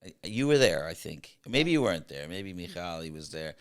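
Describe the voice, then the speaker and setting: Deep-voiced middle-aged podcast host. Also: male voice, sing-song, moderate pace. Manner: storytelling, laughs at his own stories. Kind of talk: casual chat.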